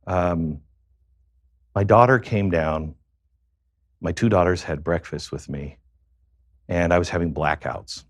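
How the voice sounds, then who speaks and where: A man with a fairly low voice recounts a confessional personal story as a guest on a show. He speaks haltingly, pausing often and filling the gaps with fillers. The sound is dry and close, with no room echo. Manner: halting, with many pauses and fillers.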